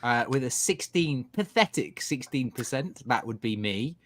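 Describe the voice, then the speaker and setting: A man's voice: medium pitch, lively intonation, normal speed. A man co-hosting a casual comics show, with dry, teasing asides. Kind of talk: casual live-stream chat.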